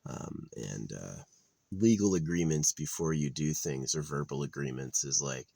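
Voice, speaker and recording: A man's voice: a bass voice, lively intonation, measured pace, gravelly, mellow, no echo. A man rambling in a blunt, crude monologue outdoors, full of fillers and restarts. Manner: meandering, crude, blunt opinions with many fillers.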